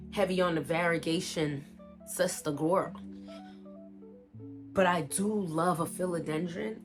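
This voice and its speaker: In a fairly low-pitched voice, a young woman unboxes plant mail for a casual vlog. She talks straight to her viewers, excited and gushing.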